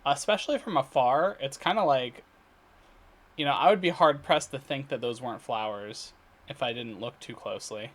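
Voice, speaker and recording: A man talking casually in a daily video diary, rambling and halting with many fillers, restarts and throat clearing. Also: mid-range voice, fairly bright tone. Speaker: vlogger. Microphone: computer recording setup.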